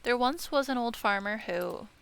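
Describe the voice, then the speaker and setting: A let's-play streamer, a woman with a fairly high, gravelly yet smooth voice, reads a visual novel's narration aloud at a moderate pace. She tosses in casual remarks and sometimes stumbles and corrects herself, with game music playing behind her.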